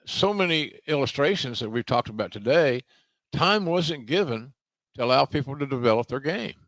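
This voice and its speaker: An older man hosting a podcast, talking casually about wrestling in a halting way with many restarts and slow, emphatic phrases. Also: mid-range voice, a bit bright, no room sound. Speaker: podcast host, wrestling commentator.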